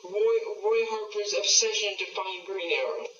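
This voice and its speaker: A man's voice: high voice, steady tone, normal speed, sharp tone, soft background music. A man co-hosting a podcast, chatting casually and enthusiastically, often repeating himself. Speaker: podcast co-host. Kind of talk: casual chat. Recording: echoey, distant, dull lo-fi sound with faint hiss.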